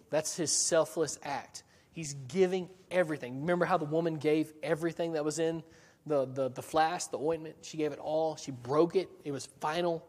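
A man's voice: a little high, steady tone, moderate pace, darkish tone, in a large hall. A man preaching a sermon in a church, talking in a conversational way with frequent restarts and rhetorical questions. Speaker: pastor.

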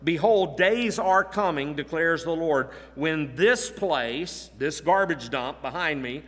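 An earnest man preaching an expository sermon, leaning on repeated phrases for emphasis. His voice sits a little high and sounds bright and forceful, carried by a long hall reverb. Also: animated, takes it slowly. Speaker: pastor.

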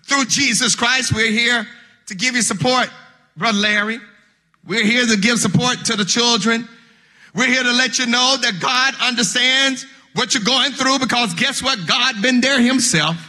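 A male pastor delivering a funeral sermon, with rhythmic preaching that swells into shouted, sung cadences and words repeated as he starts his phrases, in a church sanctuary. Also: very high voice, normal speed. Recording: long hall reverb.

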